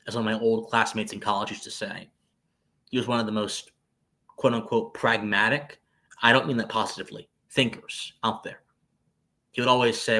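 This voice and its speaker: A man's voice: fairly low pitch, fairly quick, pushed and bright. A man co-hosting a podcast, giving lecturing philosophical commentary with searching restarts and sudden emphatic jumps. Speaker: podcast co-host.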